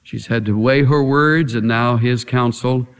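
Guy preaching a sermon, slow and dramatic, voice ringing round a big echoey hall. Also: mid-range voice, fairly even intonation, smooth. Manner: dramatic, emphatic preaching with rhetorical questions.

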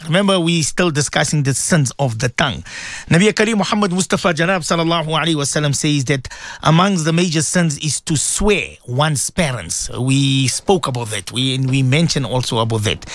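Impassioned radio preacher, lively. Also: male voice, dry recording, studio quality. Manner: impassioned preaching, repeated rhetorical questions, surging pitch. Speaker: radio presenter giving Islamic teaching. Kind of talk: morning radio sermon.

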